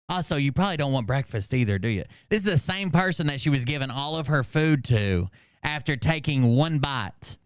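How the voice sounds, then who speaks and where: A man hosting a commentary show, making sarcastic, crude, deadpan jokes about a clip. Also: mid-range voice, fairly quick, clear, resonant tone, dry recording, clean studio sound. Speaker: commentary host. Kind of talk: mocking commentary.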